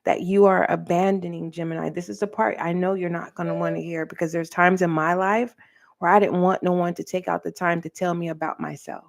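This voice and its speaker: A woman reading tarot for her channel, talking earnestly and preachily to the viewer with pauses and direct address. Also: fairly low pitch, steady tone, vocal fry. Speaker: tarot reader. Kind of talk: spiritual tarot reading monologue.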